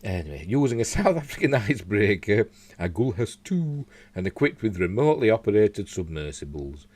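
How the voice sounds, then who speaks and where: Yorkshire bloke rambling thru news stories at home, lowish voice, bouncy delivery. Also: male voice, very animated, moderate pace, darkish tone, dry recording. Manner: rambling, chatty, with asides and slips. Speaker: news show host. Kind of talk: casual news chat reading articles aloud. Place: home room.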